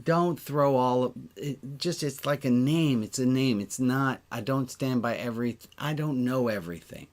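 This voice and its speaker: A man's voice: mid-range voice, moderate pace, hardly any pauses. A man, a rabbi, talking casually on a livestream, earnest and emotional, thinking aloud as he points out places on a map and sometimes swearing.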